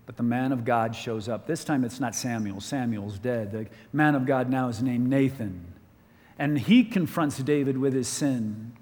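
A man preaching a sermon at a conference, emphatic, slowing down and lifting his voice to drive points home. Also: mid-range voice, a little mellow. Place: large conference hall. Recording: long hall reverb.

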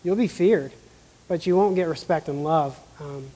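A man sharing his own reflections in a soft-spoken way during a teaching talk. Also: fairly high pitch, moderate pace, long reverb tail, poor audio. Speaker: co-speaker. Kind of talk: sermon discussion.

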